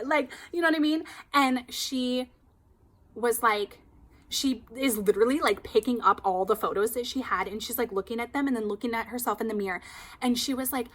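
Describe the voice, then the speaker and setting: Woman hairstylist, higher voice, chatty and animated, casual storytelling. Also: brisk. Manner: chatty, animated, heavy use of "like".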